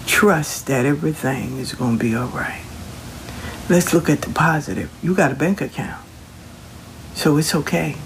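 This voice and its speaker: A man's voice: on the high side, normal speed, vocal fry, slight background noise. A man giving a casual, colloquial spiritual pep talk, reassuring the listener and repeating his phrases. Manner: colloquial, slangy. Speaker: motivational speaker.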